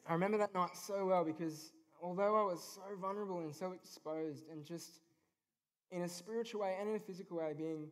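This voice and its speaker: A man in his twenties or thirties speaks at a youth event, sharing his faith in an earnest, unpolished way. He fills pauses with ums as he goes. His voice sits a little higher than most men's. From Australia. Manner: earnest, informal, with many ums. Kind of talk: personal faith talk. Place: event venue.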